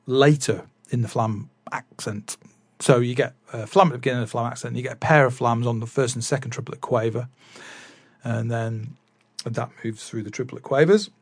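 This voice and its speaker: Man, casual rambling chat, mid-pitched voice, dry close sound. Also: no echo. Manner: rambling, many fillers and restarts. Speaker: drummer vlogger.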